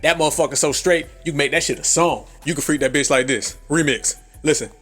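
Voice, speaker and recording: A man's voice: a little high, fairly quick, a bit bright, faint music behind. A man hosting a live commentary stream, brash and heavily profane, laughing at his own jokes. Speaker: livestream commentary host.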